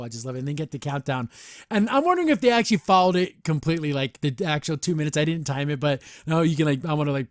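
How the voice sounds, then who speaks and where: A man hosting a podcast, reviewing a cartoon episode in an animated, excitable way with many restarts. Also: a little high, no echo, clean studio sound. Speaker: podcast host. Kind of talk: casual episode review chat.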